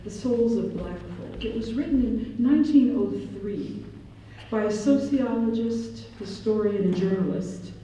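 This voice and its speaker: A middle-aged woman from Ohio and Michigan, telling personal stories in an animated lecture and acting out the people she quotes. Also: a little high, unhurried, a little hiss or hum. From Ohio and Michigan, USA. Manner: animated, acts out quoted voices, slips into French. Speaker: professor giving a talk. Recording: echoey hall, distant mic, dull sound.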